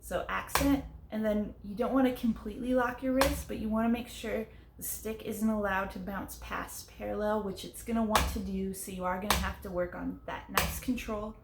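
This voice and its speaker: A young woman teaching a drum pad exercise, explaining strokes clearly step by step and counting beats aloud. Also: mid-range voice, steady tone, normal speed, few pauses, background noise. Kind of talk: casual instructional explanation. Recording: echoey room with faint ambience.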